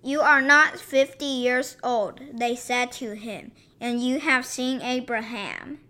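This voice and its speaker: High, bright-voiced woman reading scripture. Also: takes it slowly. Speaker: scripture reader.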